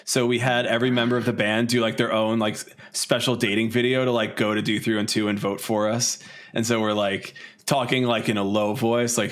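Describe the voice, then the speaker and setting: A man in his thirties, a podcast guest, telling a long story in casual, animated chat, swearing and laughing along the way. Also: on the low side, a little fast, hardly any pauses.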